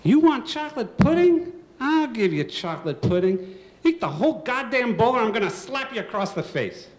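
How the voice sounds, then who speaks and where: A woman's voice: sing-song, brisk, close to an everyday voice. A man voicing his mother as an angry woman scolding her greedy son. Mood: furious. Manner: loud, shrill, furious.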